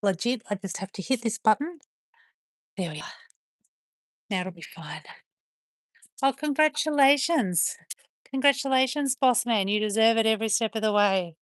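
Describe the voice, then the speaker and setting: A woman chatting with viewers on a livestream while playing with her dogs, slipping into high sing-song praise for them. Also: moderate pace, long pauses, no room sound, clean studio sound. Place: outdoors on a rural property with dogs.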